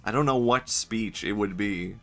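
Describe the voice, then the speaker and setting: A man's voice: on the low side, normal speed, a bit bright, soft background music. A male streamer giving casual, joking commentary while playing a game, laughing often and swearing freely.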